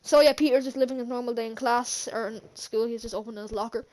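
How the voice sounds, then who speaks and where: Her pitch is fairly high and her tone darkish, with fairly even intonation and a quick pace. As a channel host and film reviewer, she gives a casual, rambling movie recap on her vlog, full of fillers and restarts and frequent chuckles over the scenes.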